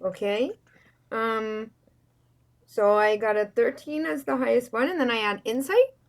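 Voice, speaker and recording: A woman's voice: fairly high pitch, measured pace. A woman playing in a tabletop game, chatty and searching for words. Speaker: player. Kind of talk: casual tabletop play.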